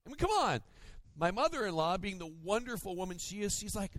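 A male pastor preaching a sermon, storytelling in an animated way with playful mimicry. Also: high voice, fast.

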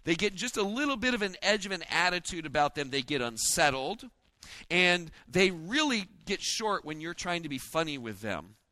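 A man preaching a sermon in a folksy, joking way, acting out the disciples' lines in quick asides. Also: a little high, lively intonation, sharp tone, no echo. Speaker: pastor.

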